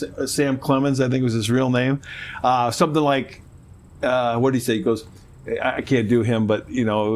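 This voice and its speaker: A middle-aged man co-hosting a talk show, chatting casually and rambling with many restarts. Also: medium pitch. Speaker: podcast co-host. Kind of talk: casual political chat.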